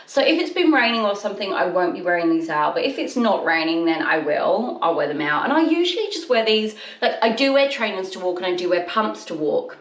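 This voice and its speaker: Chatty woman rambling about stuff she bought, lively up and down voice, echoey room, mic a bit far off. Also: fairly low pitch. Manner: chatty, rambling, quick asides. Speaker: haul vlogger. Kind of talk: casual chat.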